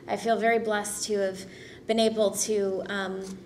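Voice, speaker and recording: A woman's voice: medium pitch, little pitch movement, unhurried, slight background noise. A woman being interviewed as an actress, answering in a modest and grateful way. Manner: modest, warm and grateful, laughs easily. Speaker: voice actress and guest.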